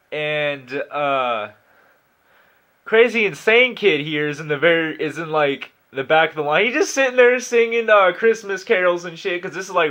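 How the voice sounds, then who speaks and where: A man's voice: fairly high pitch, sharp tone. A nineteen-year-old man telling a story in a casual, rambling way, with lots of swearing, fillers and restarts.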